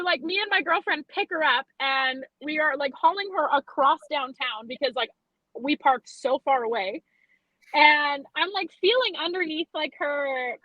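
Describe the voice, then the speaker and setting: A young woman from Alberta chats on a podcast, spinning loose, swear-filled stories. Her voice sits high and bright, recorded close and dry with no room sound. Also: no room sound, poor audio. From Alberta, Canada. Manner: chatty, profane, animated storyteller. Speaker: podcast guest, western photographer. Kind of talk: casual chat, storytelling.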